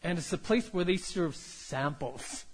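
A man preaching a sermon, telling a story that builds from quiet to loud and calling out for amens. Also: sits high, lively intonation, unhurried, in a large hall, slight background noise. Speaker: pastor.

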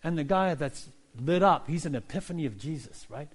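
A male pastor preaching a sermon, telling stories in an animated way and acting out characters. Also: a little high, a little fast, slightly rough. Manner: animated storytelling, voicing characters.

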